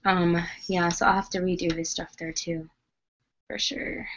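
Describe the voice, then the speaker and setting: A woman's voice: fairly low pitch, fairly even intonation, measured pace, a bit bright, dull audio, a little hiss or hum. A woman vlogger chatting casually about her dolls as she works on them, rambling with plenty of fillers. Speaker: doll collector vlogger. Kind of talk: casual chat while working.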